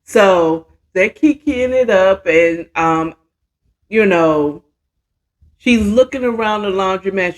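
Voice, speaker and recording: Slow, chatty storyteller. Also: mid-range voice. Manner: chatty, slangy, voices the characters' lines. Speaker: podcast host. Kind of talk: casual storytelling recap.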